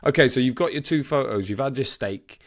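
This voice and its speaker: A man hosts a relaxed podcast. He jokes along with his co-host and keeps the story moving with questions, speaking at a mid-range pitch. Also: brisk. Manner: banters, prompts the storyteller with questions. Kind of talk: casual chat.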